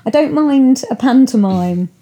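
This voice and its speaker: A woman hosting a podcast, chatting about films in an animated way with frequent laughter. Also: high voice, a little slow, a crowd in the background. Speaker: podcast host. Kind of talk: casual film chat.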